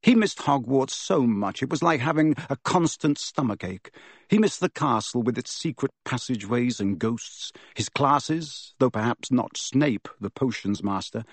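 A man giving an expressive, measured audiobook narration, close to the mic. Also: medium pitch, dry recording. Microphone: close studio mic.

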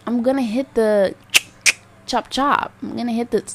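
A woman's voice: a little high, steady tone, fast talker, vocal fry, background noise. A young woman hosting her own podcast, talking candidly and rambling with lots of fillers and swearing. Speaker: podcast host. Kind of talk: casual solo podcast monologue.

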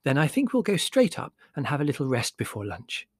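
A mild, sweet-voiced mother in a storybook reading, put on by a man narrator in a raised, lighter tone. She stays unruffled and evasive, her words soft and polite. The sound is close and dry. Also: a little high, huge pitch swings, a little fast, breathy edge, no echo, pitched above the performer's own voice, exaggerated voice. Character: Mother, a gentle, evasive middle-aged woman.

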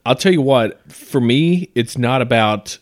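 A man's voice: mid-range voice, animated, unhurried, no echo, clean studio sound. A man co-hosting a podcast in casual chat, hesitant and stammering through restarts. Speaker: podcast co-host.

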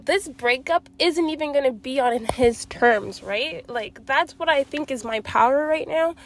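A young woman with a high, light voice talks straight to her viewers in a confessional vlog. She sounds sad and close to tears. She rambles, circles back and swears often. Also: measured pace. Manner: emotional, rambling, frequent swearing. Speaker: vlogger.

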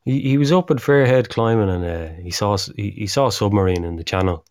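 Dry-sounding low Irish man chatting. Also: brisk, darkish tone, dry recording. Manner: rambling storyteller, swears freely, many fillers. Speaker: podcast co-host. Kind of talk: casual chat.

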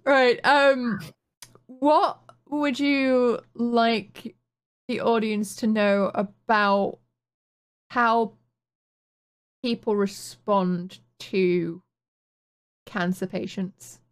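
A woman hosting an interview, asking gentle, unhurried questions. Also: a little high, steady tone, clear, resonant tone. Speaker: podcast host. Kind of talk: interview conversation.

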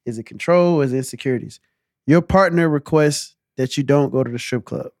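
A man hosting a casual group chat, asking questions in an animated, joking way and jumping in quickly. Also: medium pitch, no room sound, studio quality.

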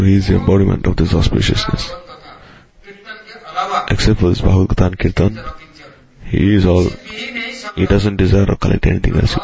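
A man preaching a devotional sermon in a measured way, using many Sanskrit and Hindi terms. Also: low-pitched, vocal fry. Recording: slightly dull lo-fi recording.

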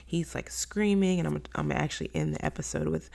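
A woman's voice: low-pitched, animated, fairly quick, gravelly, a little mellow. A young woman hosting a faith-based podcast, telling a candid personal story and acting out her own quoted thoughts. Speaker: podcast host.

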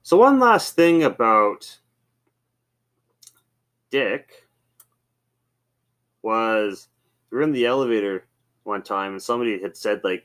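Rambling low-voiced man telling stories. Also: moderate pace, pauses often, a bit bright. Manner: rambling, loose, with swearing and many fillers. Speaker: podcast host. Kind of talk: casual storytelling monologue.

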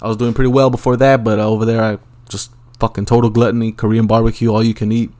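A man's voice: fairly low pitch, level tone, quick pace, a little mellow. A young man hosting a solo podcast, rambling casually and swearing a lot in a laid-back way. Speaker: podcast host. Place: Los Angeles, at home.

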